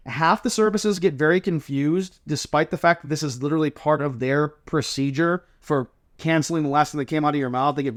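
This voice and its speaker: Man coaching, slightly high voice. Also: a little fast. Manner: explains step by step, demonstrates sample answers. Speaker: drill team coach. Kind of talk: casual instructional chat.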